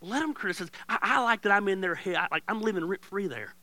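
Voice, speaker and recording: High-voiced, bright, candid male pastor. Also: animated, fast talker, no echo. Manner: candid, joking, conversational preaching with swings from loud to quiet. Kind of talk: sermon.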